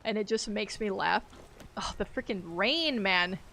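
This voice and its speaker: A woman's voice: mid-range voice, measured pace, creaky, sharp tone. A woman chatting casually on a game live stream, rambling, laughing often and reacting aloud to the game. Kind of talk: casual live-stream chat while gaming.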